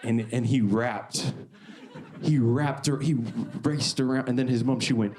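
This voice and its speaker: A man doing a stand-up set on a club stage, deadpan and self-deprecating, repeating lines for effect. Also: medium pitch, measured pace, background noise. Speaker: stand-up comedian. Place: comedy club stage before a live audience. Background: audience laughter.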